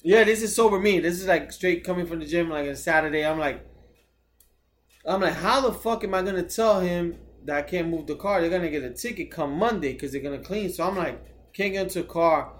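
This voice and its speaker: A man's voice: high voice, brisk. A man co-hosting a casual podcast, rambling through a story with heavy swearing and making fun of himself. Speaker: podcast co-host.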